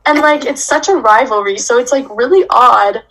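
A woman's voice: on the high side, moderate pace, fairly bright tone, low-quality recording. A teenage girl chatting casually, rambling with many fillers. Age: teens. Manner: rambling, filler-heavy talk. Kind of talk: casual chat.

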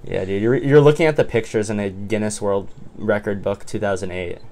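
A man's voice: fairly low pitch, brisk, slight background noise. A man co-hosting a casual sports podcast, steering the topic and teasing his co-host. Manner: relaxed, teasing, drives the topic with segues.

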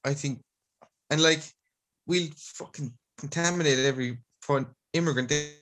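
A young Irish man hosting a podcast, telling animated stories and swearing freely. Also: fairly high pitch, normal speed. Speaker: podcast host. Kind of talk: casual chat.

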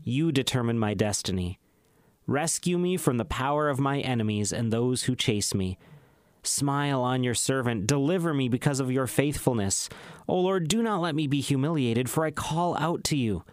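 A man reading the Bible aloud in a measured, solemn way, slowing down on emphatic phrases. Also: mid-range voice, expressive, no room sound, clean studio sound. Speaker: scripture reader.

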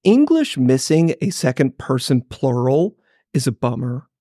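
Animated Florida-born man, dry sound. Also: mid-range voice, measured pace, dry recording. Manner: animated, playfully exaggerating. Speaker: podcast co-host. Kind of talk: casual chat.

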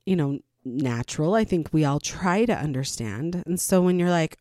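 A middle-aged woman speaks candidly about parenting in a slightly low voice. She acts out quotes in sudden higher tones and sometimes laughs between points. The sound is close and dry, with no room around it. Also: animated, moderate pace, few pauses, mellow, dry recording. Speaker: parent sharing her experience. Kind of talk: casual personal talk to viewers.

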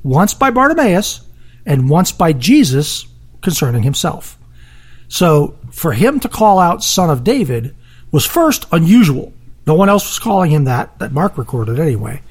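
A podcast co-host in a casual Bible discussion, talking in an animated way and acting out crowd voices. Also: mid-range voice, measured pace, slightly rough.

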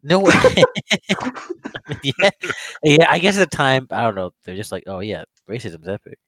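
A man's voice: a little high, sing-song, unhurried, a bit bright, no echo, rough recording. Laughing, rambling man in casual chat. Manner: rambling, swears a lot, laughs often. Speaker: podcast co-host. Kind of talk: casual movie review chat.

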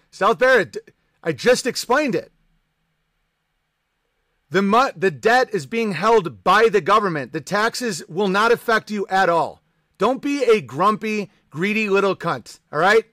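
Male streamer, high pitch, dry close sound; profane, combative, sarcastic ranting. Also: expressive, a little slow, sharp tone, no echo. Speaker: livestream host. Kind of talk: ranting live-stream chat.

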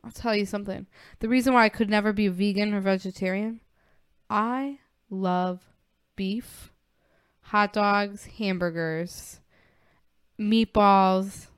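A woman's voice: medium pitch, takes it slowly, long pauses, clear, resonant tone, no room sound, clean studio sound. A woman from the Chicago area, co-hosting a podcast in casual chat, telling stories emphatically. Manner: emphatic, animated storyteller. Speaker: podcast co-host.

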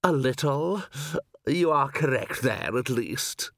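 A man voicing a sly, unruffled male vampire nobleman in mock-polite, drawn-out tones. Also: mid-range voice, expressive, fairly bright tone, no room sound, clean studio sound. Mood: unruffled evasive. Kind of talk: audiobook character voice.

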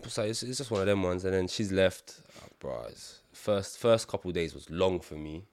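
A man's voice: sits low, moderate pace, a little mellow. A young man, a podcast guest chatting casually about a reality show, laid-back and full of slang. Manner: laid-back, slangy, says "bro" a lot, laughs often. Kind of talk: casual chat.

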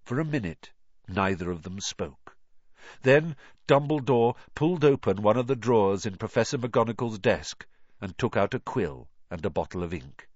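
A man narrating an audiobook in an expressive, dramatic way, on a dull lo-fi recording. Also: on the low side, moderate pace, dry recording.

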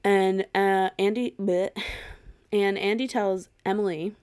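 A young woman co-hosting a podcast, casually recapping a film in an animated, sweary way and laughing often. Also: medium pitch, slow pace, smooth. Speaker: podcast co-host.

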